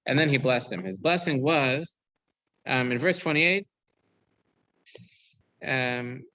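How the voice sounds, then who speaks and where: A bright, clear-toned man teaches a weekly Torah class as its rabbi. He reads verses aloud and then explains them, thinking aloud with frequent ums and restarts. His voice sits at an average pitch. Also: expressive, slow, dry recording, low-quality recording. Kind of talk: reading and explaining scripture to a class.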